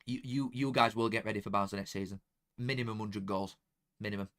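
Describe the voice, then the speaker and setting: A young man talking casually to viewers during a football watchalong, chatty and excitable, dropping into flat mutters and jumping to loud outbursts. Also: on the low side, brisk. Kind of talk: casual live commentary to viewers.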